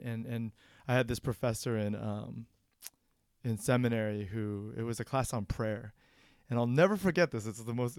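A man earnestly discussing a sermon in a relaxed, reflective church podcast conversation. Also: lowish voice, no room sound, clean studio sound.

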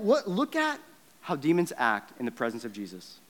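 A man preaching a sermon in a casual, animated way, with conversational asides and acted-out quotes. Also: normal speed, big-room sound. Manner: acts out quotes and switches between loud punches and low, quiet stretches. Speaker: pastor.

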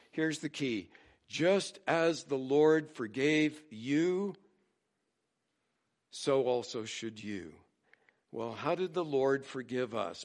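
Earnest preaching man, mid-pitched. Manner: earnest, emphatic preaching with dramatic slowdowns on scripture. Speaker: pastor. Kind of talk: sermon.

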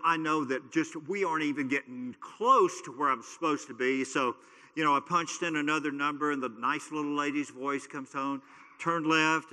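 A man's voice: on the high side, sharp tone. A man preaching as a pastor, teaching in a loose, conversational way with stories and frequent fillers. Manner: conversational, storytelling, many fillers. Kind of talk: casual sermon teaching. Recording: long hall reverb.

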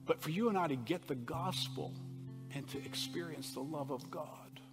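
A man preaching a sermon to a congregation, moving from conversational asides to loud, impassioned passages and asking the room direct questions. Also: fairly high pitch, normal speed. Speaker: pastor. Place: church sanctuary. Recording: preached in a reverberant hall, soft guitar behind.

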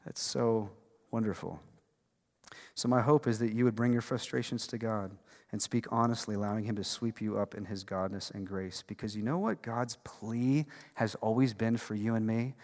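A man preaching a sermon as pastor, conversational and emphatic, dropping from loud bursts to hushed lines. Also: lowish voice, steady tone, normal speed. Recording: long reverb of a large hall.

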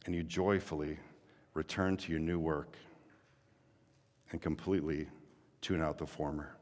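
A man's voice: very deep voice, steady tone, a little slow, a little mellow, long reverb tail. A male pastor preaching a sermon earnestly, building to emphatic exhortations.

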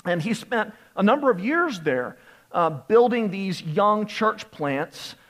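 A man's voice: high-pitched, very animated, slow pace, a bit bright. A young adult man preaching a sermon, telling a self-deprecating personal story and laughing often. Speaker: pastor.

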